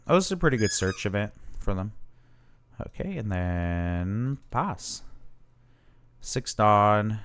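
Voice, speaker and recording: Commenting casually on his own card game match for his channel, a man thinks aloud with fillers and self-corrections. His voice sits low, and there is a little hiss or hum in the recording.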